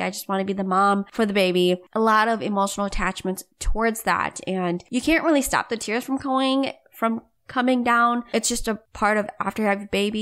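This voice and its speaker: A woman's voice: mid-range voice, fairly bright tone. A young woman hosting a solo podcast, talking in a candid, earnest way and often saying "like". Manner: earnest and candid, heavy use of "like". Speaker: podcast host. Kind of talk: casual solo podcast monologue.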